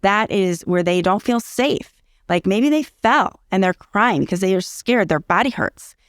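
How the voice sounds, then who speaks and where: A woman's voice: mid-range voice, expressive, measured pace, dry recording, clean studio sound. A middle-aged woman explaining parenting in a casual interview, earnest and teacherly, repeating key phrases for emphasis. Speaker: early childhood educator and parenting guest.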